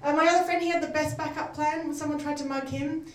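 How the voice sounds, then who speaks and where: A woman's voice: high voice, fairly even intonation, fast. A woman performing a stand-up comedy set, self-deprecating and often laughing through her lines. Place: live comedy venue. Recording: echoey room heard from a distance.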